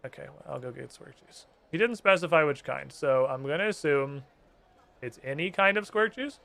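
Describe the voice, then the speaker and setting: A man's voice: a little high, expressive, normal speed, gravelly, fairly bright tone. A man streaming a game and chatting casually, swearing and making fun of himself as he plays. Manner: swearing, self-deprecating, chatty. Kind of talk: casual gameplay commentary.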